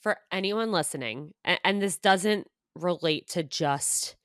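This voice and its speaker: Woman podcast host, low voice, supportive, asks questions, dry sound. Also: measured pace, a bit bright, dry recording. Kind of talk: podcast interview.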